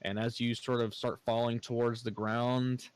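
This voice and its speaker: A man narrating as game master, casual and halting, with many fillers and restarts. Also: medium pitch, flat delivery, slight background noise, low-quality recording.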